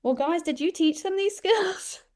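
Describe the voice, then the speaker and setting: A woman, a guest who tells lively stories and acts out the voices of the people she quotes. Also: extremely high pitch, a little slow. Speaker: interview guest, empathy expert. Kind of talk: conversational storytelling.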